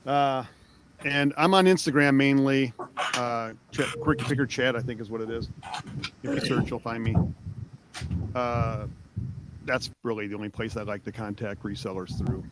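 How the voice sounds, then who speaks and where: A man's voice: mid-range voice, fairly even intonation, normal speed, long pauses, heavy background noise. A man from Pennsylvania co-hosting a live reselling chat, chatty with joking asides. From Lancaster, Pennsylvania. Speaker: co-host. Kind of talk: casual live-stream chat.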